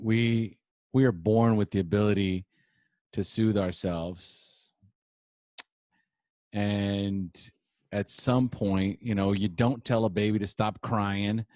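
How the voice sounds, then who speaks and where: A man's voice: fairly low pitch, slow pace, darkish tone, no echo. A man hosting a podcast interview, reflective and repeating his points for emphasis. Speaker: podcast host. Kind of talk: interview conversation.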